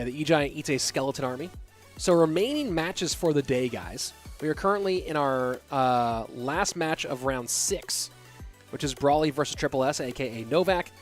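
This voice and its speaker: Casual chatty esports caster, slightly high voice. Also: male voice, expressive, moderate pace, faint music behind. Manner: casual, chatty, answers viewer questions. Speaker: esports caster and stream host. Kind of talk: live stream commentary and chat reading.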